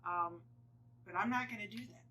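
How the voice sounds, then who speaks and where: Casual home vlogger, female, bright tone, meandering chatty delivery, slightly distant mic. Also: medium pitch, moderate pace, a little hiss or hum. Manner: rambling, many fillers and restarts. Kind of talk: casual chat to camera.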